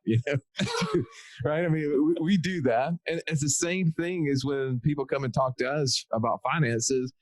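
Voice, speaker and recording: A man's voice: mid-range voice, animated, normal speed, no echo. A man hosting an interview podcast, asking curious questions and laughing easily. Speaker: podcast host. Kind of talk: conversational interview.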